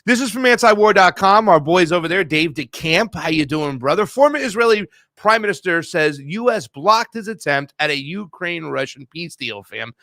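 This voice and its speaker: A man's voice: high-pitched, lively intonation, moderate pace, few pauses, fairly bright tone, no echo. A man hosting casual political commentary, slangy and mocking, often laughing and calling his viewers fam. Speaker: host.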